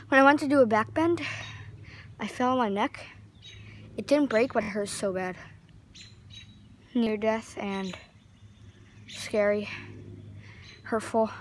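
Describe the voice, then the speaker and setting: A woman's voice: on the high side, a little hiss or hum. A woman chatting casually for a vlog outdoors on a trampoline, rambling with lots of fillers. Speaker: vlogger.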